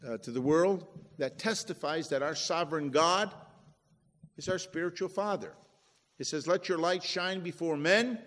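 A preacher with a high voice gives a sermon, speaking conversationally and pushing his listeners with rhetorical questions. Between points he reads scripture aloud, and his words fade into a long reverb like that of a large hall.

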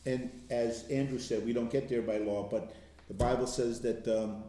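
A man's voice: mid-range voice, steady tone, moderate pace, dark tone. An older man leading an informal Bible study, telling stories in a conversational way and laughing often. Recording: very echoey room.

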